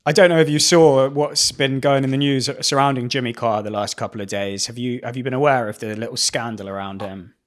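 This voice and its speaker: Thoughtful podcast host, mid-pitched man. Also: fairly even intonation. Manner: thoughtful and measured, with frequent fillers and a light laugh. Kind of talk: casual interview conversation.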